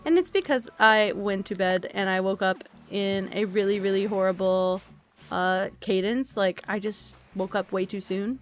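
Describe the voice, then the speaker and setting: A tired woman streamer chatting casually and softly while she plays a game, rambling and thinking aloud as she goes. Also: mid-range voice, normal speed. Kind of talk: relaxed casual chat while playing a game.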